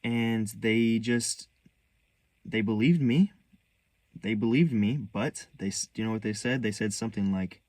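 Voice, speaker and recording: A young man telling a painful personal story in a candid, halting way, restarting sentences, earnest and hurt. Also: on the low side, darkish tone, dry recording. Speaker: vlogger.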